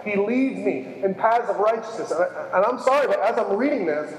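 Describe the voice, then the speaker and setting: A high-voiced man delivering a sermon with earnest emphasis, returning to his key phrases again and again. His voice carries a long reverb, and the room around him sounds big and echoing. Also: animated, brisk. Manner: earnest, emphatic repetition, self-deprecating asides. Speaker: preacher. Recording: reverberant hall.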